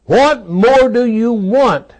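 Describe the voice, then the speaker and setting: An exasperated, pleading old roman governor, voiced by a preacher mid-sermon, throwing each repeated line at the crowd with a high, swooping voice. he leans hard on every phrase and says it twice, slowly and forcefully. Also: lively intonation, heavily acted. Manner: emphatic, repeating himself.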